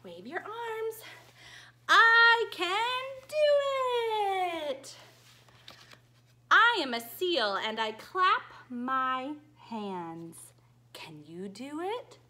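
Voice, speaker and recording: A woman who teaches dance to small children, reading a picture book aloud in a slow, animated and cheery way that coaxes them to join in. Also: high voice. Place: dance studio.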